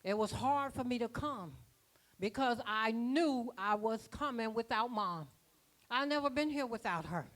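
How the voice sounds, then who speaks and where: Woman apostle, sermon, slightly high voice, folksy rhythmic delivery. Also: expressive, unhurried, a bit bright. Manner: folksy, rhythmic preaching, dialect grammar. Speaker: apostle preaching. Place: church conference.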